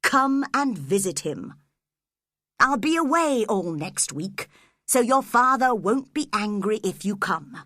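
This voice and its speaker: A woman's voice: mid-range voice, very animated, takes it slowly, sharp tone, no echo, clean studio sound, heavily acted. A woman reading a curt, threatening man.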